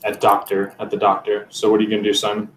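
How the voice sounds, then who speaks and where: A man's voice: lowish voice, monotone, fast. A man narrating as game master of a tabletop game, rambling with many fillers. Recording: roomy, distant mic, faint noise.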